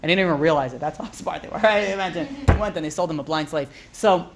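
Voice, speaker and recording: A rabbi rattles through old stories at a brisk clip, slipping into the voices of the people in them. His talk is loose and casual, full of fillers, with a faint hum in the background. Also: fairly high pitch. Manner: animated, acts out characters' lines with casual fillers. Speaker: rabbi teaching a class. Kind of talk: storytelling lecture.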